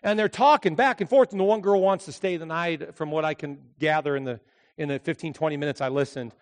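A man preaching a sermon as a pastor, telling a story with animated delivery and acted-out voices. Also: a little high, a little fast, long reverb tail.

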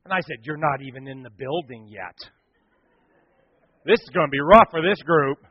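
High-voiced pastor in a reverberant hall. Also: male voice, moderate pace, husky. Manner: animated storytelling, acting out screams and quotes. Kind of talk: sermon. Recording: dull sound with long hall reverb.

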